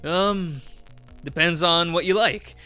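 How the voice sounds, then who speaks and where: A man's voice: fairly high pitch, takes it slowly, sharp tone, clear, resonant tone, soft background music, voice pushed up. A man voicing a large, friendly male fox who drives a taxi in a visual novel.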